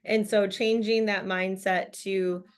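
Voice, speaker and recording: A woman's voice: medium pitch, level tone, slow. A woman leading a business training over a video call, giving a casual, upbeat motivational talk full of fillers and laughs. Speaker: team leader presenting a business training call.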